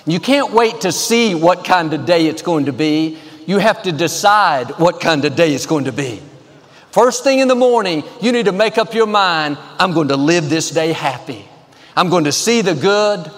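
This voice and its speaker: A man's voice: on the high side, big-room sound. A man preaching a sermon as pastor, upbeat and confident, building to repeated declarations.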